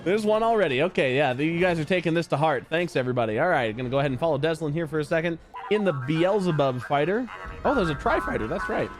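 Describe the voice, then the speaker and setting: Man, charity stream co-host, high-pitched, chatty and teasing, gameplay commentary, game music behind. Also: animated, fast talker.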